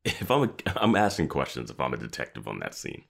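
Co-host, extremely deep voice with lively swings, critical and analytical. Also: male voice, fast talker, gravelly. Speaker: podcast co-host. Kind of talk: casual episode recap chat.

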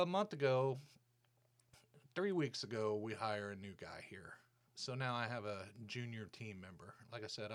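Indignant man ranting on his podcast. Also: mid-range voice. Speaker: podcast host. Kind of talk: casual monologue.

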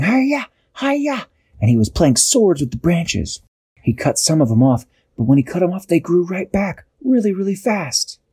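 Husky-voiced man telling a bedtime story. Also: mid-range voice, dry recording. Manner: animated, acts out characters with occasional restarts.

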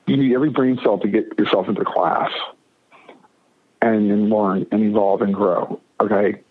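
A man with a lowish, husky voice tells a personal story as an interview guest. He speaks emphatically, often repeating or restarting his phrases, and the audio is narrow and phone-like, as on radio.

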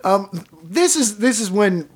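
A woman hosts a casual podcast and tells a story with plenty of laughter along the way. Her pitch swoops up and down as she talks. She keeps the tone chatty and relaxed. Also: slow pace, husky. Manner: laughs often while telling the story. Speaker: podcast host.

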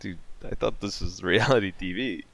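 A man's voice: low voice, normal speed, vocal fry, a bit bright. A man in casual chat, laid-back, laughing often and filling his talk with "like".

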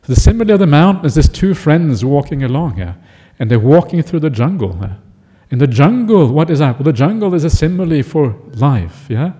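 A man's voice: medium pitch, mellow. A man, a Buddhist monk, giving a chatty dharma talk and often checking in with listeners. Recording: echoey hall.

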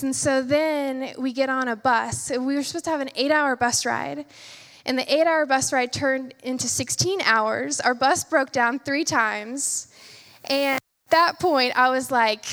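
A young woman tells her story to a church in an earnest, halting way, full of little fillers and asides. Her voice sits high and bright. It carries with a long reverb, as if heard in a big hall. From United States. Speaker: medical student sharing a testimony. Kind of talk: church testimony.

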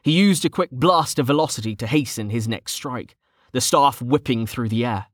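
A man narrating a fantasy audiobook in steady storytelling. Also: medium pitch, normal speed, no echo, clean studio sound.

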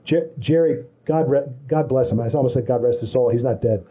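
A man's voice: mid-range voice, brisk, warm tone, breathy edge. A man telling long casual anecdotes in a rambling way, with many restarts. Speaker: storyteller. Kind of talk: casual chat.

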